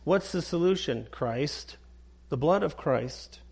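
Slow, high-voiced male preacher. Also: expressive, darkish tone. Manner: emphatic, slow preaching with repeated phrases; clears his throat now and then. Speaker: pastor. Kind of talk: sermon.

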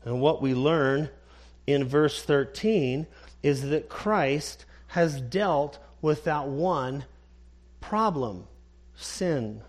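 A man preaching a sermon, emphatic and repetitive, clearing his throat now and then. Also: fairly high pitch. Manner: emphatic, slow preaching with repeated phrases. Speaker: pastor.

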